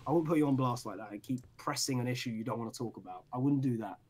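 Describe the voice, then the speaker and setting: A man's voice: medium pitch, quick pace, very noisy. A young British man co-hosting a casual podcast, swearing, teasing and laughing often. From Britain. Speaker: podcast co-host.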